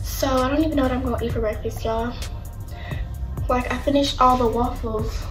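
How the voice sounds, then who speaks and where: Teen girl vlogging at home, music loud. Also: sits high, fairly even intonation, fairly quick, poor audio. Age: teens. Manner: chatty, addresses viewers as y'all. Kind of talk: casual vlog chat. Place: home, indoors. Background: loud background music.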